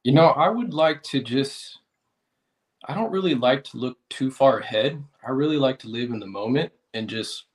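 A man's voice: medium pitch, animated, normal speed. Laid-back American man as podcast guest. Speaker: podcast guest, car detailer. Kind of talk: casual podcast interview.

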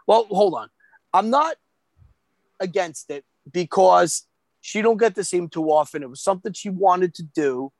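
A man telling a story in casual chat, animated and profane, acting out the voices of the people he quotes. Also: high voice, a little slow, vocal fry, no echo.

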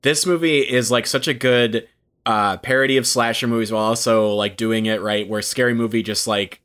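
A man's voice: mid-range voice, fairly even intonation, moderate pace, a bit bright, clean tone. A man co-hosting a casual chat, talking eagerly and rambling with lots of filler words. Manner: enthusiastic, rambling with many "like"s. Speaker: podcast co-host.

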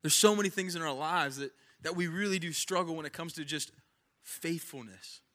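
A man's voice: fairly high pitch, moderate pace, pushed and bright. A young man preaching a sermon in a casual, conversational way, repeating phrases for emphasis. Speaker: pastor.

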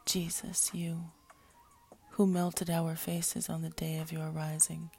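A woman's voice: sits low, completely flat delivery, takes it slowly, gravelly, darkish tone, soft background music, full character voice. A woman voicing a raging fallen angel. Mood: bitter. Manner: growling, moaning, bursts into screams. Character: tormented male fallen angel, bitter and raging.

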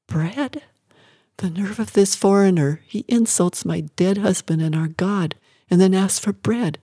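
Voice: mid-range voice, measured pace, mellow, breathy edge, no echo, clean studio sound, voice pushed up. A narrator voicing a poor, starving young widow and mother who speaks with a quaver. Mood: indignant. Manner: quavering, defensive. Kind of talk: audiobook character voice.

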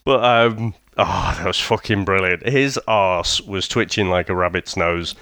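A man's voice: low-pitched, a little slow, sharp tone, dry recording, clean studio sound. A man in casual chat, telling a rambling story with swearing and frequent laughter. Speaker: podcast co-host.

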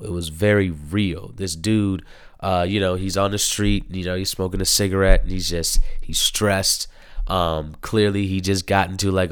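Guy in his 30s rambling about a tv show, kinda low smooth voice, lots of you know and like. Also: no echo, clean studio sound. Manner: rambling, heavy use of fillers and restarts. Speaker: show reviewer. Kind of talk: casual chat.

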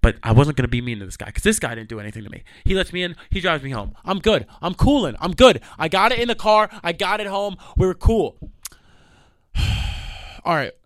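A young man telling a profane, animated storytime rant, acting out the people in his stories. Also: sits high, a little fast, no room sound, studio quality. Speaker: vlogger. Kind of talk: ranting storytime monologue.

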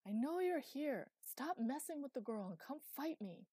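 A woman reading a story, voicing a gruff male warrior who speaks seriously and shouts commands. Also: high-pitched, completely flat delivery, normal speed, no echo, clean studio sound, close to an everyday voice. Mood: furious shouting. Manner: bellowing, commanding.

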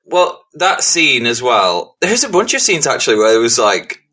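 Forceful-voiced English man chatting films. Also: medium pitch, moderate pace, slightly rough. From England. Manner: animated, swears freely, trails off mid-thought. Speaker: podcast co-host. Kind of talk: casual film chat.

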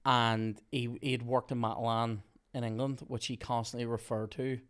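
A man hosting a podcast, telling a work story in a casual, animated way, swearing freely and laughing often. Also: medium pitch, moderate pace, clear, resonant tone. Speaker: podcast host.

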